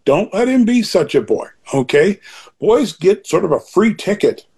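Older man, husky, animated pitch, earnest rambling talk, reflective chat guest. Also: normal speed. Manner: rambling, earnest, with frequent restarts. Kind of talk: reflective conversation.

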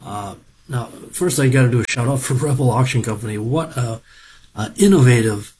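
A man's voice: mid-range voice, brisk, mellow, slight background noise. A middle-aged man from Minnesota, giving a casual, folksy, rambling report on farm equipment auctions and often wandering off on digressions. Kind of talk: casual spoken market report.

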